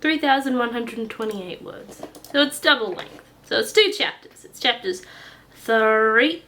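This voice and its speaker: A woman's voice: on the high side, lively intonation, a little slow, fairly bright tone. A woman casually reading her own story aloud, chatty and easily sidetracked.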